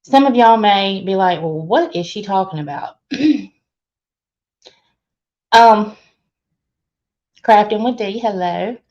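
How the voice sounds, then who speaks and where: A woman's voice: mid-range voice, animated, slow pace, long pauses, darkish tone. A woman hosting a casual live stream, greeting viewers one by one and laughing often. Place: laundry room. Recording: dull lo-fi stream audio.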